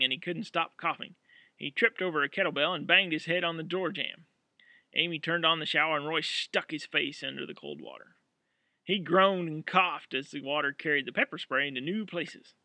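A man narrating an audiobook in an expressive, dramatic way. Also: on the high side, vocal fry, no room sound.

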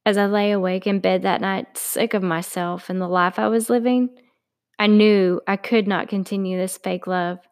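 A woman's voice: medium pitch, steady tone, normal speed. A woman, author and narrator reading her own story in a friendly, chatty way.

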